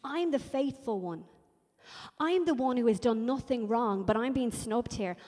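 A woman voicing a resentful older son who complains he is treated unfairly, pitched higher than her own voice. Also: lively intonation, unhurried, darkish tone. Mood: aggrieved. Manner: aggrieved, complaining. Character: resentful faithful older son, young man. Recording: long hall reverb.

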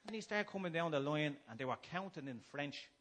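Middle-aged Irish man, slightly high voice, comic testimony to a live room, breaks into loud acted shouts. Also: lively intonation, fairly quick. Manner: humorous, swings from low musing to loud acted-out shouting. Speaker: speaker giving a personal testimony. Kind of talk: storytelling testimony to a gathering. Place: room before a live gathering.

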